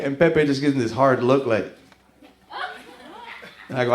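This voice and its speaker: A man doing a stand-up comedy set on a club stage with a full house, animated and quick to break into song and voices. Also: on the high side. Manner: animated, breaks into loud singing and character voices. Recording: roomy club sound with loud music.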